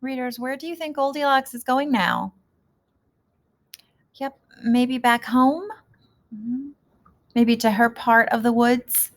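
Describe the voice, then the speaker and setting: A woman teacher leading a reading lesson, gently asking young readers questions about a story. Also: a little high, takes it slowly, pauses often.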